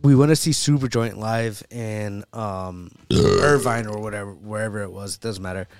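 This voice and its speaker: A man's voice: on the low side, normal speed, clean tone. A man co-hosting a podcast, casually telling a funny story between laughs. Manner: laughing, animated anecdote with acted quotes. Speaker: podcast co-host.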